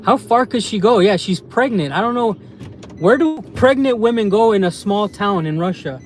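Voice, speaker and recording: A man's voice: sits high, lively intonation, moderate pace, a little mellow, a little hiss or hum. A man from the United States chatting casually on a live stream while out in a small town, rambling and often ending phrases with "man".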